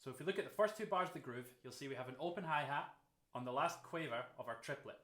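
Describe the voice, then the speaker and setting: A drum teacher talks through a rhythm at a steady pace and counts the beats out loud. His voice sits in the middle range for a man. The room gives it a noticeable echo. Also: mid-range voice, quick pace. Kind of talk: instructional explanation. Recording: roomy echo.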